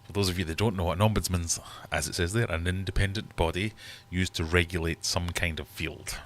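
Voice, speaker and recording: A man's voice: low voice, fairly even intonation, fairly quick, a bit bright. A man hosting a live-stream quiz from his fish room, chatty and teasing his viewers. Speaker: livestream host running a quiz. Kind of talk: casual live-stream chat.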